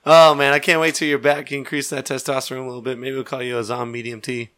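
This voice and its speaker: A man's voice: mid-range voice, little pitch movement, fast, a bit bright. A man hosting a podcast in casual banter, joking and teasing his friends. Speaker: podcast host.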